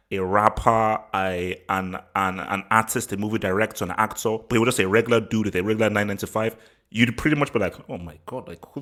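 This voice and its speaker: A man's voice: medium pitch, fairly bright tone. Rambling male football vlogger. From England. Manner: rambling, repeats words, laughs often. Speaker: football channel host. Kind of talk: casual opinion vlog.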